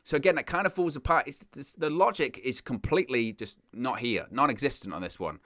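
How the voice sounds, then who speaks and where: A man's voice: medium pitch, a little fast, few pauses, no room sound, studio quality. A man hosting a wrestling news show, giving casual, exasperated and opinionated commentary. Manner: exasperated, ranting, animated.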